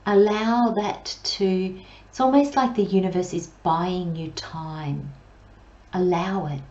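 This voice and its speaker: A woman gives a pick-a-card tarot reading, her mellow voice unhurried and soothing, with long pauses and soft near-whispers. The recording sounds slightly dull and lo-fi. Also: lowish voice, roomy sound. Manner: slow, gentle, soothing delivery with drawn-out pauses. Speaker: tarot reader.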